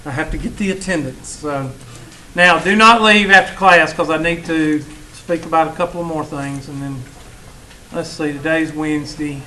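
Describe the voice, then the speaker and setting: A man talking to his students, folksy and teasing as he spins a story. His voice is bright and forceful, and there is a faint hiss of background noise in the classroom. He pitches a little higher than most men. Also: moderate pace, rough recording. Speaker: college math instructor. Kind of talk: casual classroom talk.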